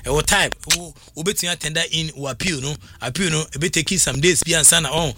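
A man talking sport on a heated talk show, animated, repeating words and trailing off mid-sentence. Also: a little high, fast, a little hiss or hum. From Ghana. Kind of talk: heated talk-radio discussion.

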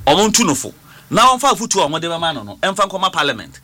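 A Ghanaian man in a heated political debate, a member of parliament who talks over the others and keeps repeating himself. His voice sits high and very bright. It rises and falls a great deal. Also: big pitch swings, fast. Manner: talks over others, repeats words, switches between languages.

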